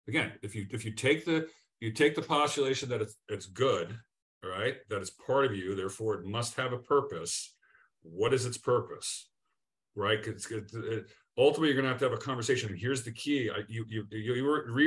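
Animated storytelling former athlete man. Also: on the low side, normal speed. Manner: animated storyteller, laughs often, repeats words. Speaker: guest, former professional athlete. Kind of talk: conversational podcast interview.

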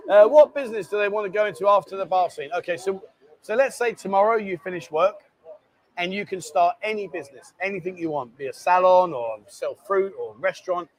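A man's voice: high-pitched, brisk. A man, hosting a casual live stream and bantering as he reads out viewer comments. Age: 50s. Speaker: host.

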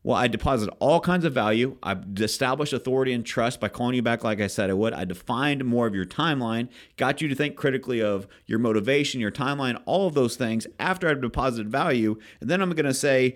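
A man hosting a podcast, coaching real estate agents in an energetic, emphatic way and acting out sales scripts. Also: mid-range voice, quick pace, hardly any pauses. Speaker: podcast host and real estate team leader. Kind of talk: casual coaching talk.

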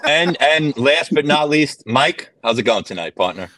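A man's voice: fairly high pitch, lively intonation, normal speed, a bit bright. A man moderating a sports podcast, keeping his panel in line with an upbeat tone. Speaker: show moderator.

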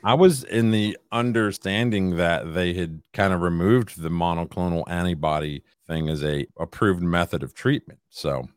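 A man co-hosting a podcast in casual chat, talking in a measured, wry and teasing way. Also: low-pitched, smooth, dry recording. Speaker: podcast co-host.

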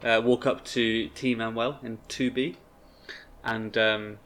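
A man's voice: mid-range voice, fairly even intonation, takes it slowly, fairly bright tone. A man playing a tabletop game, thinking aloud hesitantly. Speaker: player.

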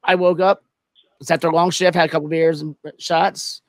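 A man with a somewhat high voice tells a story in casual chat. He keeps a laid-back, dry manner. The recording is close, with no room sound. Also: little pitch movement, moderate pace, dry recording.

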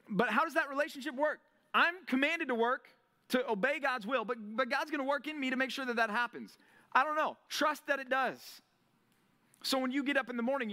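A young man preaching a sermon to a college group, with a lively, conversational style full of rhetorical questions. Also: high-pitched. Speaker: pastor.

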